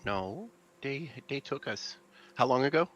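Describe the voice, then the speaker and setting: Soft-spoken man playing a tabletop character. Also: mid-range voice, lively intonation, measured pace, muffled recording. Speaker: player. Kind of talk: in-character tabletop role-play.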